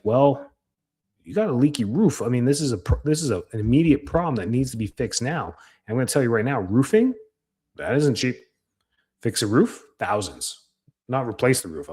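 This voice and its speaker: Husky-voiced man coaching casually. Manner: animated, conversational, jumps in pitch when quoting patients. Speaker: chiropractic marketing coach. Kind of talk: casual instructional talk.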